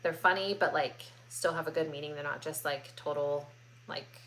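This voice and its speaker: A woman in her thirties chats casually through a live question-and-answer stream from home, full of ums and likes. Her voice sits a little low. A faint background hiss runs underneath. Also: fairly even intonation, normal speed, a bit bright. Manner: chatty, many ums and likes, reads comments aloud. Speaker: host answering viewer questions.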